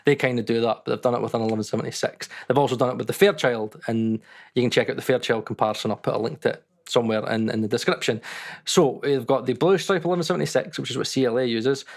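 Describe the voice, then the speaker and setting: A man's voice: medium pitch, fairly even intonation, fast talker. A man hosting a mixing video, talking casually and candidly, with frequent ums and some swearing. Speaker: audio mixing youtuber. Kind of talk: casual talk to camera.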